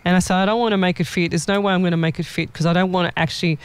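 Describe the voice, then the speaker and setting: A woman's voice: fairly low pitch, rapid-fire, clear, resonant tone. A woman psychic medium chatting casually and acting out the people in her stories. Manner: lively storyteller acting out quoted people. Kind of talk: casual chat.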